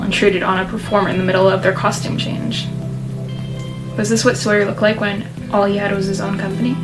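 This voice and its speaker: Young woman, story game reader, casual and playful, mid pitch. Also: low-quality recording. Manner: chatty, playful asides. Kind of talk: casual story reading with asides.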